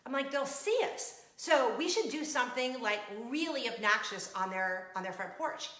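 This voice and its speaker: A middle-aged woman hosting a casual vlog, telling a story in an animated way and laughing as she acts out scenes. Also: on the high side, moderate pace. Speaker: vlog show host. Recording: echoey room.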